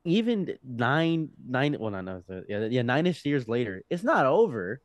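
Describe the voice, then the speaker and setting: A young man in his twenties, a podcast guest telling a story in a loose, animated way, with laughs, restarts and swearing. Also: medium pitch, moderate pace, no room sound. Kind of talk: casual storytelling.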